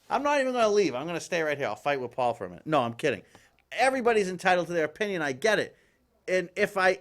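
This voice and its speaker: A male talk show host riffs on politics in a live studio, exasperated and full of restarts. His voice runs fairly high and swings widely in pitch. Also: fast talker. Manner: animated, exasperated, rambling with restarts.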